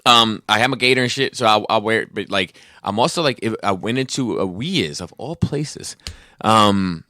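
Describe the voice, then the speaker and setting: A man with a bright, forceful voice and a slightly low pitch, talking in a loose, rambling way full of "like" and swearing. The recording is dry and close. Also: normal speed, no echo. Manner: rambling, heavy filler words, swears often. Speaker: podcast co-host. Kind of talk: casual chat.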